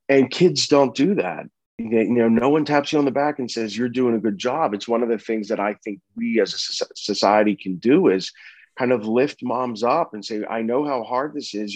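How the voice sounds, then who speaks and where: A man in his thirties telling a personal story with earnest, halting speech full of restarts and fillers. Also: medium pitch, no echo. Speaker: interview guest sharing a personal story.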